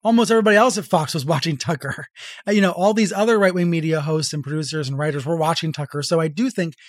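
A man who is an author and journalist, explaining in a measured, clear way as a podcast guest. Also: fairly high pitch, no room sound, clean studio sound. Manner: measured, explanatory, reads quotes aloud. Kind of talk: conversational interview.

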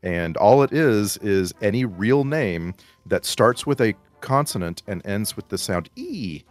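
A man sitting in as guest co-host on a casual podcast, explaining things in a measured way. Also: lowish voice, lively intonation, faint music behind. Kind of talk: casual chat.

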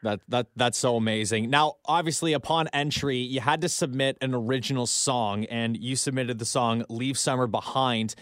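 A man's voice: mid-range voice, moderate pace, hardly any pauses, a bit bright, dry recording, studio quality. A man hosting a radio morning show, introducing and interviewing a guest in an upbeat, polished announcer style. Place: radio studio.

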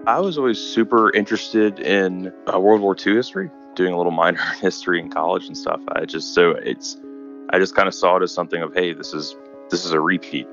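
A young American man in his twenties, answering interview questions in a halting way with fillers and repeats. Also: low-pitched, vocal fry, muffled recording, over music. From United States. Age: 20s. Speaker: interviewee, volunteer fighter.

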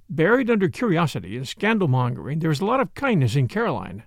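Gravelly man narrating a classic mystery. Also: a little high, wildly swooping pitch, no room sound, clean studio sound. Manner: measured storytelling. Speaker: audiobook narrator. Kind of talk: scripted narration.

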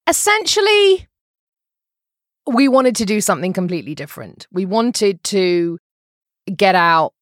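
A middle-aged Englishwoman with a Midlands background talks easily in a casual interview, lively and quick to tell a story. Her voice sits at a middling pitch, heard in a dry, close recording. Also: dry recording. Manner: lively storyteller, mimics regional accents. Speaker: podcast guest, journalist.

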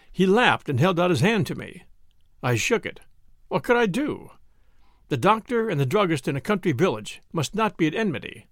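A man narrating a story with measured, expressive delivery. His voice sits fairly high and moves widely in pitch. The recording is close and dry, with no room sound. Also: dry recording. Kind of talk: story reading.

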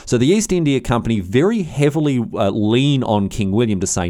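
A man's voice: medium pitch, big pitch swings, quick pace, hardly any pauses, dark tone. A male history podcast host telling a story in a casual, irreverent, jokey way, often restarting his sentences.

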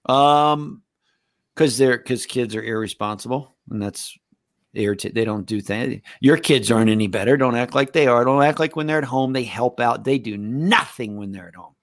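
A middle-aged man on a sports betting podcast, rambling and blunt and swearing freely. His voice sits at an ordinary pitch for a man. The sound is dry and close, with no room around it. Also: moderate pace, no room sound. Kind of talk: casual chat.

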